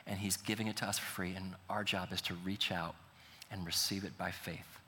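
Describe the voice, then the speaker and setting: A male pastor delivers an earnest sermon in a bright, forceful voice that pushes into emphatic peaks. His words ring out with a long reverb, as if spoken in a large hall. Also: deep voice, fairly even intonation, a little fast, a little hiss or hum. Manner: earnest, builds to emphatic preaching.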